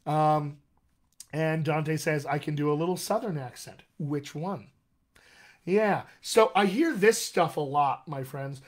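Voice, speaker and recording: A man coaching actors on accents in a live-streamed Q&A, energetic and encouraging, calling his viewers "my friends". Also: fairly high pitch, takes it slowly. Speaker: dialect coach. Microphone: computer mic on a live video stream.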